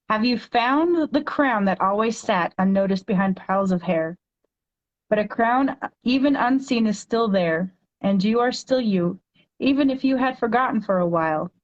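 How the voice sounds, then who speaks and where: A woman guest on a podcast, talking earnestly and reading her own poems aloud slowly and deliberately. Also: medium pitch, lo-fi sound.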